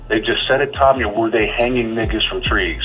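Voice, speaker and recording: A man with a somewhat low voice challenges the host during a radio call-in debate. He presses his point insistently. Faint music plays underneath. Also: brisk, fairly bright tone, poor audio.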